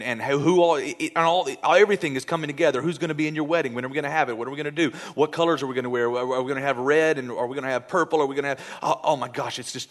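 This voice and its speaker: A man preaching a sermon in church as pastor, animated and playful, acting out little scenes. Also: mid-range voice.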